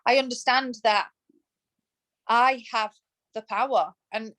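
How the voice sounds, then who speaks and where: Woman, 30s, slightly high voice, emphatic, passionate, podcast guest chatting. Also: steady tone, slow pace, a bit bright, low-quality recording. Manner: emphatic and passionate, acts out quoted thoughts. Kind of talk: casual interview chat.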